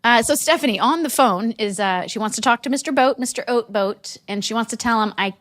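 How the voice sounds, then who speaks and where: A woman co-hosting a podcast, recapping an episode in an animated, enthusiastic chatty way. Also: a little high, a little fast, no echo. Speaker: podcast co-host. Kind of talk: casual chat, recapping episode.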